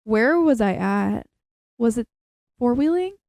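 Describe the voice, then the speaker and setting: A woman's voice: a little high, expressive, slow, darkish tone, no echo. A woman co-hosting a casual podcast chat, rambling and losing her train of thought, laughing easily. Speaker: podcast co-host. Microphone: in-ear earbuds with mic.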